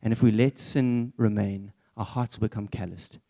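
Young male preacher, relaxed warm timbre, earnest and chatty. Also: lowish voice, moderate pace. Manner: earnest, conversational, candid. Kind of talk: church sermon.

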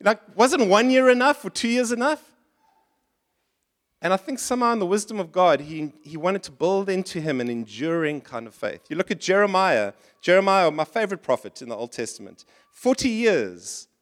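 Guy preaching in church, pretty high voice, gets animated doing little voices. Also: fairly quick. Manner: animated, acts out complaining voices in higher pitch. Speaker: pastor. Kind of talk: sermon.

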